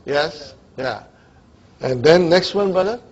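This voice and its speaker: Slow and animated, with a slightly high voice, a man teaches Arabic grammar, questioning his students and checking that they keep up. He combines English with Arabic grammar terms, and the classroom recording sounds dull and lo-fi.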